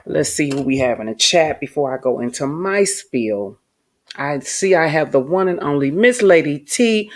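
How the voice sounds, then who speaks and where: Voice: mid-range voice, animated, unhurried. A host doing late-night live-stream commentary, chatty and emphatic, greeting viewers and swearing when heated. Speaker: online commentator and channel host.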